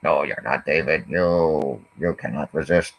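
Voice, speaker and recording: A man's voice: rumbling low, a little slow, no room sound. A man voicing a bossy talking toy hat that gives him orders, on a dull lo-fi recording. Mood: commanding.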